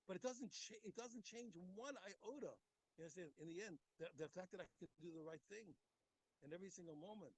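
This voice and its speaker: A man's voice: high voice, a little fast, slight background noise, low-quality recording. A man giving an impassioned Torah class, emphatic and repetitive, speaking straight to his listeners. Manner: emphatic, repeats words, talks straight to listeners. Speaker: rabbi teaching a daily Talmud class.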